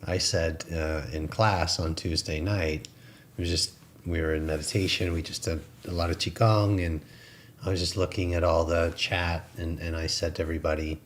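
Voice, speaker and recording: A man with a very deep voice co-hosts a spiritual talk show. He talks in a reflective, coaching way, like a gentle preacher. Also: level tone, normal speed, slight background noise. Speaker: co-host.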